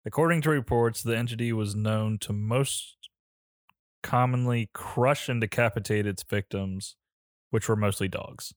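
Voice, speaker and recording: A man's voice: on the low side, unhurried, no echo. Chill guy co-host reading a creepy story off a wiki page, cracking jokes, dry close sound. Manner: reads aloud from a wiki page with jokey asides, laughs often. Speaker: podcast co-host. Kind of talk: casual chat.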